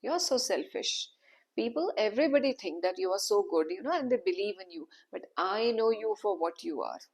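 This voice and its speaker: Woman storyteller as an enraged male sage, accusing, gravelly edge, husky tone. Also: mid-range voice, moderate pace, a little mellow. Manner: bitter, accusing outbursts. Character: proud male sage, wounded and furious.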